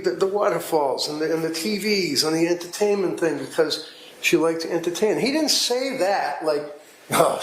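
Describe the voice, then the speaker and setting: A man's voice: fairly high pitch, roomy sound, slight background noise, rough recording. A man giving a defense closing argument to a jury, speaking emphatically and repeating himself for effect. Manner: emphatic, repetitive, conversational courtroom oratory. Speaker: defense attorney. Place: courtroom.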